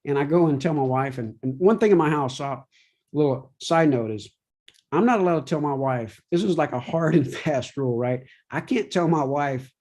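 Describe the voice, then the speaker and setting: A man's voice: a little high, moderate pace, darkish tone. A middle-aged man speaking openly as a podcast guest, rambling and often asking "you know what I mean". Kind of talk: candid conversational interview.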